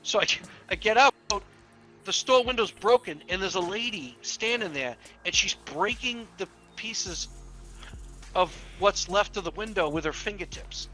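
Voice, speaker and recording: A police officer telling rambling, profane stories in casual game voice chat, often laughing. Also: male voice, high-pitched, animated, measured pace, pushed and bright, soft background music.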